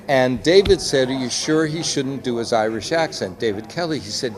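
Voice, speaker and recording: Speaking a little fast at a medium pitch, a man who is an executive producer and director chats through anecdotes during a press interview at a busy convention, quoting others in lively voices. Loud crowd chatter can be heard behind him.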